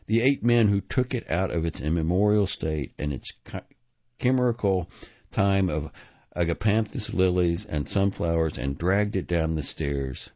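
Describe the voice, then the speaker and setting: Man, very deep voice, grave measured literary reading, dry close sound, slightly muffled lo-fi audio. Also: warm tone, no echo. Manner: measured, grave reading with small restarts on long words. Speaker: reader. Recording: dull, slightly lo-fi dry recording.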